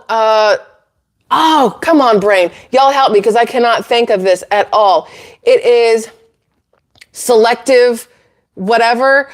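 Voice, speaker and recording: A woman hosting her own channel, ranting to camera in a blunt, sarcastic, incredulous way with exasperated laughs. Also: on the high side. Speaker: channel host.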